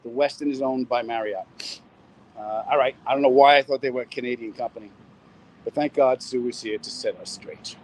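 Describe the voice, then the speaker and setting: Out on the city streets, a middle-aged comedian hosts a live stream, rambling, joking, and reading comments from viewers into his phone. The mid-range voice is steady and a little fast, captured with poor audio.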